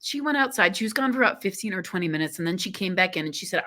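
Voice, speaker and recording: A woman guest on a podcast telling a personal story in an animated, emotional way, often saying "you know". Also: mid-range voice, racing, hardly any pauses.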